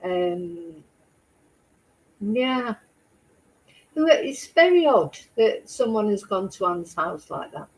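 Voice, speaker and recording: A woman's voice: medium pitch, animated, slow, long pauses, poor audio. A woman hosting a true crime channel, chatting casually with her viewers. She rambles and keeps asking rhetorical questions. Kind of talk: casual chat with live chat viewers.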